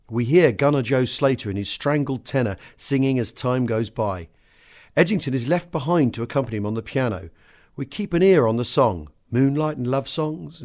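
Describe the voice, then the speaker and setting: A man hosting a podcast, reading a book extract aloud with lively swings in pitch and loudness.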